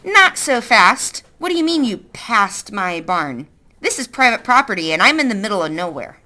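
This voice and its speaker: A woman voicing a sharp, probing middle-aged woman with a wooden leg, questioning a boy sardonically in a read-aloud story. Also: medium pitch, very animated, moderate pace. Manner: sardonic, interrogating.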